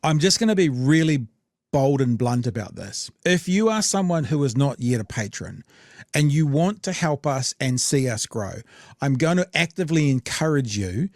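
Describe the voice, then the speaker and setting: Casting: New Zealand male podcast host, blunt and rambling, mid-pitched, dry close sound. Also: big pitch swings, normal speed, dry recording. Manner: blunt, rambling, many fillers. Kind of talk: casual political chat.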